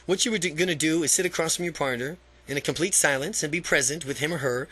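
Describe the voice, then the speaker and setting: Male audiobook reader, somewhat high voice, self-help text, halting delivery with repeats and off-script asides. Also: a bit bright. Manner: stumbling, repeats and restarts phrases. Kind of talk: reading a self-help book aloud.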